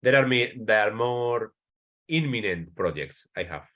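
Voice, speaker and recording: A man with a Spanish accent answers interview questions in a lowish voice. English is not his first language, so he halts, restarts, and searches for words. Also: expressive, a little slow, bright, forceful tone, highs cut off. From Spain. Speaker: author, guest.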